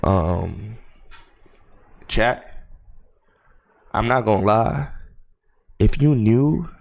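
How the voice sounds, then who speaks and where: A young man streaming, telling a rambling story to his chat with lots of swearing and halting restarts, dropping low and quiet then rising loud and high. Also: lively intonation, vocal fry.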